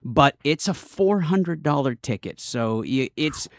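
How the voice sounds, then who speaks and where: A man with a fairly high voice tells a story on a podcast, animated and quick to laugh. He quotes people in his own voice without putting on theirs. The sound is dry and close. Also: no room sound. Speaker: podcast guest telling a story. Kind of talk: casual chat.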